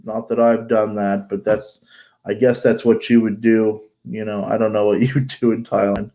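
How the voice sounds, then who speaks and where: A man's voice: on the low side, level tone, normal speed, dark tone. Blunt, rambling man. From United States. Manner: rambling, blunt, profane, many fillers and restarts. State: congested with allergies. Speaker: vlogger. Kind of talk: casual chat.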